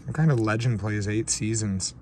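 A man hosting a casual card-opening vlog, talking in a slow, low-key way and getting shaky and overwhelmed with excitement. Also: slight background noise. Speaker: card-breaking channel host.

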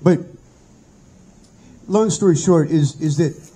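High, husky middle-aged man teaching. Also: slow, dark tone, rough recording. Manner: earnest, conversational storytelling. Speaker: Bible study teacher. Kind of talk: personal testimony in a teaching.

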